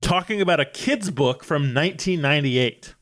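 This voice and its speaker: A drunk man co-hosting a podcast, joking loudly and crudely. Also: a little high, lively intonation, moderate pace, no echo, studio quality. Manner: crude, loud, profane joking. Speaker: podcast co-host. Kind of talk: casual chat. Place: home room at night.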